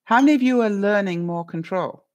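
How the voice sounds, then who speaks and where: A middle-aged woman hosting a casual livestream, talking to her viewers and reading their comments, animated and full of fillers and rhetorical questions. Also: medium pitch, fairly quick, lo-fi sound.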